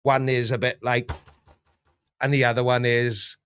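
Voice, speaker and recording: A man hosting a casual chat, rambling and jokey, often jumping up in pitch. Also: flat delivery, a little slow, fairly bright tone, slight background noise. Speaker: YouTube reaction host.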